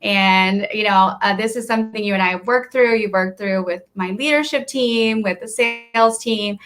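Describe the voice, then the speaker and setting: Woman host asking quick questions. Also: mid-range voice, a bit bright. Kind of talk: casual interview talk.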